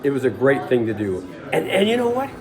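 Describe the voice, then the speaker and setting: A man telling a casual, emotional story in a halting way, often repeating his words. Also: medium pitch, huge pitch swings. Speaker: storyteller recounting a school visit. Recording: crowd chatter and music behind.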